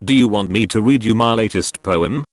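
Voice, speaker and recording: A man's voice: on the low side, moderate pace, no room sound, studio quality, lightly acted. A man voicing an intense young male revolutionary who speaks curtly and decisively.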